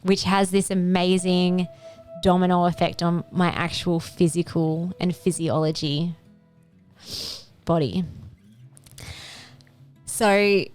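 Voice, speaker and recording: Earnest woman telling a health story. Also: clear, resonant tone. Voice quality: earnest, emotional. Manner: expressive, rising into pitch when moved. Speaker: functional medicine podcast host. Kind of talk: personal health story monologue.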